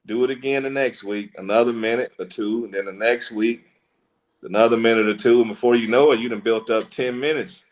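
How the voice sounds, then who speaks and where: A man, a stand-up comedian, talking as a guest in a casual interview, relaxed and joking. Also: mid-range voice, fairly quick, rough recording.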